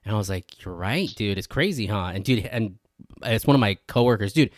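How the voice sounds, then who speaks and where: Man podcast co-host, excitable, "dude" every line, dry close sound. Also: on the low side, a little fast, dry recording. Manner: excitable, says "dude" constantly, acts out quotes. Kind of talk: casual chat.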